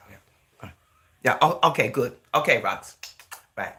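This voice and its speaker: A woman's voice: low-pitched, sing-song, normal speed, pauses often, bright, forceful tone. A woman from England, vlogging in a chatty, rambling monologue. She fills her talk with "you know" and "right?" and slips into Jamaican-style phrasing. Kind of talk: casual talking-to-camera monologue.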